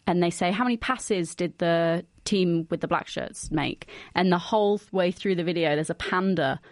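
A woman's voice: on the low side, no room sound, studio quality. A young woman co-hosting a student radio show, explaining her studies in a chatty way and laughing easily. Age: young adult. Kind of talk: casual radio chat. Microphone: studio microphone.

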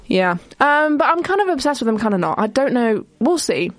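A young woman hosting a casual solo podcast, chatty and rambling with quick asides and frequent self-interruptions. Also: fairly high pitch, big pitch swings, no room sound. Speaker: podcast host.

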